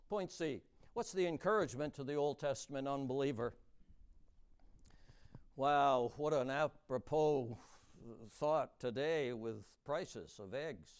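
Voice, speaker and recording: A man preaching with a high, clear, smooth voice. His pitch swings widely as he moves from hushed asides to booming lines. He speaks slowly and stretches out key words. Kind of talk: sermon.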